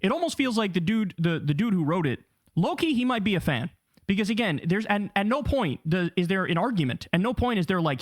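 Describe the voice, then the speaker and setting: A man in his thirties streaming, reading an article aloud and reacting with profane, animated swagger. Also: sits high, fast. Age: 30s.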